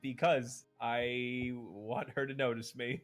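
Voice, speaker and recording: A man's voice: medium pitch, little pitch movement, takes it slowly, soft background music. A man narrating as game master for a tabletop game, playfully voicing the characters.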